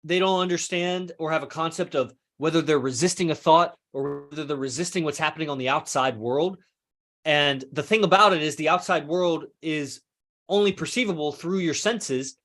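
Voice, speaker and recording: A man's voice: a little high, normal speed, fairly bright tone. A man hosting a podcast, musing in a casual, rambling way, swearing freely and correcting himself mid-sentence. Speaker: podcast host. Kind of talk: casual philosophical monologue.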